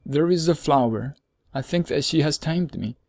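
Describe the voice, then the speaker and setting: A man voicing a polite, curious young boy prince in a storybook reading, gently questioning. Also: fairly high pitch, normal speed, no room sound, pitched above the performer's own voice, close to an everyday voice.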